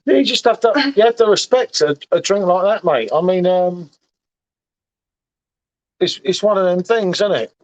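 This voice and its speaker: A man's voice: high voice, animated, moderate pace, long pauses, rough recording. A slightly tipsy man hosting a casual beer-sampling livestream, matey and rambling, calling everyone "mate". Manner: matey, repeats himself, says "mate" a lot. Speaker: livestream host. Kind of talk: casual chat.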